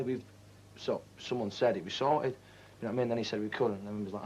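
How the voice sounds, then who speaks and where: A man's voice: lowish voice, fairly even intonation, quick pace, hardly any pauses, darkish tone, slight background noise, rough recording. A man, a guest in a casual interview, talking in cocky, slangy banter and interrupting often. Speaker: band member guest.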